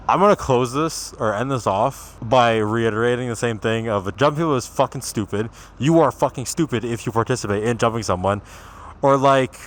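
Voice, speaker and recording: A young man with a Toronto accent talks straight to his viewers in a loose, rambling rant. He swears freely and speaks bluntly at an ordinary, middling pitch. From Canada. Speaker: vlogger. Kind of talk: casual rant to camera.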